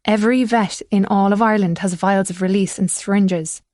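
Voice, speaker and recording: A woman's voice: medium pitch, steady tone, fairly quick, a little mellow, dry recording, close to an everyday voice. A guarded, precise woman vet who answers accusations firmly and reasons through them step by step, as a woman narrator voices her. The reading stays close to the narrator's own voice, dry and close to the mic.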